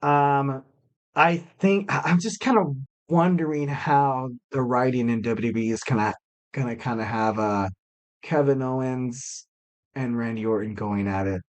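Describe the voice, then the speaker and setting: A man's voice: mid-range voice, steady tone, measured pace. A young man hosting a wrestling podcast alone, chatting loosely with lots of fillers and little self-mocking jokes. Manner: rambling, filler-heavy, self-joking. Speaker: podcast host. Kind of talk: casual solo podcast chat.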